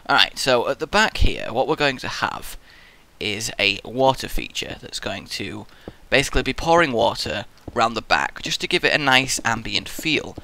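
A man's voice: mid-range voice, creaky, sharp tone. A young man, commentating his own gameplay in a rambling, goofy way, muttering to himself and slipping into silly voices. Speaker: Minecraft let's player.

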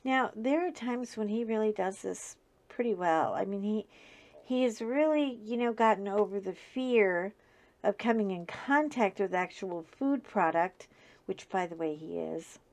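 Slow, chatty laughing woman host. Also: mid-range voice, darkish tone. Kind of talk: casual chat.

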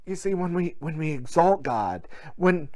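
Lively, earnest pastor preaching. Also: medium pitch, a little slow. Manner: earnest storytelling with quoted dialogue. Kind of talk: sermon. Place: church service without a gathered congregation.

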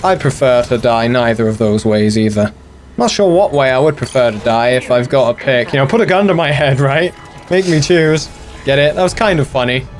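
A man's voice: mid-range voice, lively intonation, fairly quick, soft background music. A young man hosting a gaming channel, chatting casually and mocking himself as he plays. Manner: self-deprecating, sweary, chatty. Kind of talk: casual let's play commentary.

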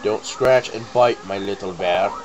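A man's voice: on the low side, unhurried, muffled recording, lightly acted. A man voicing a vain, spiteful old witch who shrieks rhyming threats. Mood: vain, screeching.

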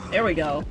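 A woman streaming a game live, excitable, talking back to the game, swearing and laughing as she plays. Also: deep voice, low-quality recording. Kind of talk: live gameplay commentary.

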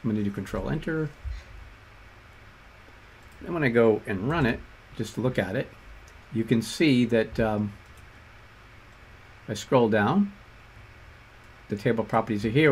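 A man with a Boston accent explaining code step by step in a relaxed tutorial. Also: medium pitch, measured pace, pauses often, slight background noise. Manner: relaxed explanatory walkthrough with fillers and asides. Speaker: instructor. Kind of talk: screen-share coding tutorial.

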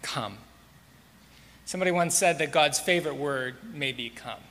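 A man preaching a sermon as pastor, measured and repeating key words for emphasis. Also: a little high, bright, forceful tone. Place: church sanctuary. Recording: long hall reverb.

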